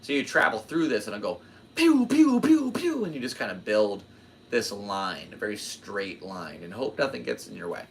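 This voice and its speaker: Deep-voiced man rambling on his podcast. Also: normal speed, gravelly, a little hiss or hum. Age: 20s. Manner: rambling, jokey, animated, trails off into tangents. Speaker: podcast host. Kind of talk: casual rambling monologue.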